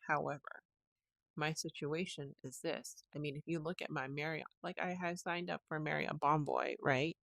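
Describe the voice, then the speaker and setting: A woman's voice: low-pitched, fairly even intonation, moderate pace, vocal fry, fairly bright tone, no echo. A woman hosting her own podcast, talking casually and telling a long story with many restarts. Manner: rambling, restarts sentences, retells phone calls. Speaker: podcast host. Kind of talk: casual solo podcast monologue.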